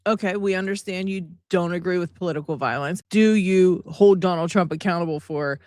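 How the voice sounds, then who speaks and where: A woman's voice: lowish voice, brisk, dry recording. Sarcastic woman ranting at her viewers, fed up, dry close sound. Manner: exasperated, sarcastic, animated. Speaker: commentary channel host. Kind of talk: reaction commentary.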